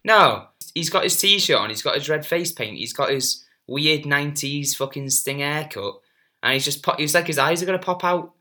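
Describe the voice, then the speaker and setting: A man co-hosts a podcast in a bright, sharp voice. He chats casually and keeps the tone animated, swearing and laughing. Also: a little high, moderate pace. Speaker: podcast co-host. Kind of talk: casual chat.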